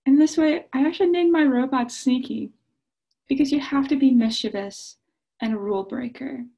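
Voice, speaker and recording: A woman in her twenties, a PhD student, telling children an expressive story with occasional hushed asides. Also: sits high, normal speed, creaky, low-quality recording.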